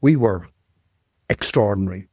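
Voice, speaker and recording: A man, telling life stories as a podcast guest, animated and repeating words, often tagging lines with "right?". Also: lowish voice, moderate pace, no echo, clean studio sound. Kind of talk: storytelling interview.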